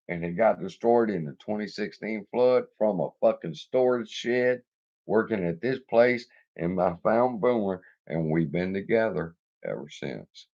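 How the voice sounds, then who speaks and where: A man's voice: fairly low pitch, lo-fi sound. A man hosting an investing channel, telling rambling, profane stories with frequent laughs in a casual chat. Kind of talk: casual storytelling livestream.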